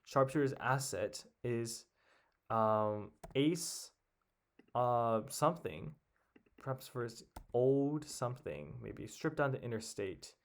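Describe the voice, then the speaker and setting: A man's voice: mid-range voice, animated, slow pace. A young man thinking aloud as he works a crossword alone, muttering guesses and half-words to himself. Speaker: puzzle solver. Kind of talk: casual solo commentary while solving.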